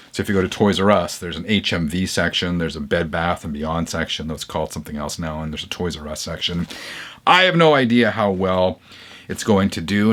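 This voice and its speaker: A man hosting a record-collecting vlog, talking casually and reacting with lively surprise as he shows things to the camera. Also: sits low. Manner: chatty, animated, reacts with surprise. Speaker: vinyl channel host. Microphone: camera mic, leans toward camera.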